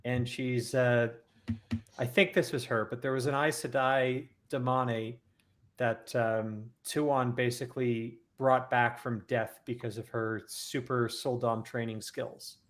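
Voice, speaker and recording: A man's voice: medium pitch, flat delivery, slow. A man in a casual fan discussion, explaining story details at length. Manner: detailed, explanatory lore talk. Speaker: podcast panelist.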